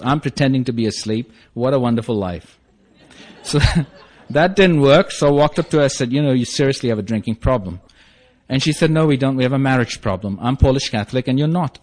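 A man's voice: medium pitch, darkish tone. A man with a non-native English accent telling a humorous personal story in a wry, self-mocking way, laughing as he goes. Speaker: speaker sharing a recovery story.

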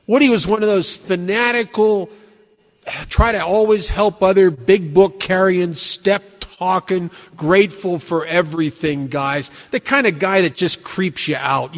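In a large meeting hall, a man with a high voice tells a live group about his recovery. He is blunt and mocks himself, peppering his personal testimony with rhetorical questions.

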